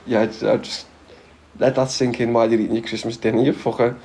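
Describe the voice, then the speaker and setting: A man's voice: medium pitch, a little mellow, slight background noise. A man with a Scouse accent chatting casually to viewers as a livestreamer, blunt and full of swearing, chuckling often. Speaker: livestreamer reading viewer comments.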